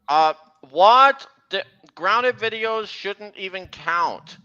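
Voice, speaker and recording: A male streamer chats casually on a livestream. His voice is bright and sits a little high, and he rambles with halting restarts. The audio is dull and lo-fi. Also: expressive, clean tone. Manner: rambling, halting, corrects himself.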